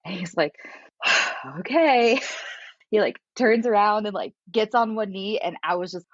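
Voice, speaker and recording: A woman's voice: medium pitch, moderate pace, dry recording, dull audio. A woman guest casually telling a story, acting out quotes and laughing often. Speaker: podcast guest.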